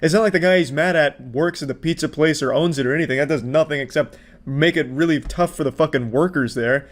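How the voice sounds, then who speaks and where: Male commentator, slightly high voice, mocking and profane, reaction-video delivery. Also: fast talker.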